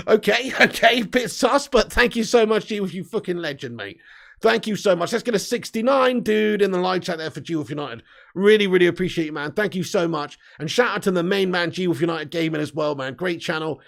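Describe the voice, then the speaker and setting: Gravelly-voiced man, jokey stream host. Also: sits high. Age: 30s. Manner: laughing, jokey, loud shout-outs. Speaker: host of a live football fan show. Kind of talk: casual live-stream banter.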